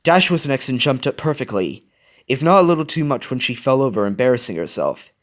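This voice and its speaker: Expressive man reading a story aloud. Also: mid-range voice, fairly quick. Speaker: reader. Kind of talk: reading fan fiction aloud.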